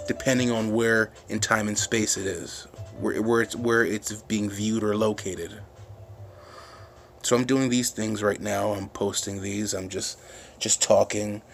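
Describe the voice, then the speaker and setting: Man ranting into a phone camera, rambling and profane, faint music behind. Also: lowish voice. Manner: rambling, restarts often, swears, gets fired up. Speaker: vlogger. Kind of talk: casual ranting monologue.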